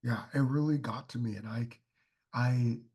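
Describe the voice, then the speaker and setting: Podcast guest, male, husky voice, mid pitch, earnest storyteller, chatty fillers. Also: moderate pace, a little mellow. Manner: heartfelt storytelling, many fillers like "like". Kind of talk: casual podcast chat.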